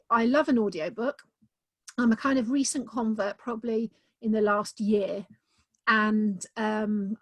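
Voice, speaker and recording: A woman's voice: medium pitch, no echo. A woman author talking enthusiastically about her books in a casual video-call interview, with many "um"s. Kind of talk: casual conversation.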